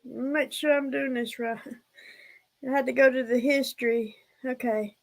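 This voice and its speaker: A woman's voice: sits high, fairly even intonation, normal speed. A woman hosting a casual livestream, rambling and out of breath as she talks to her viewers. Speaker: livestream host.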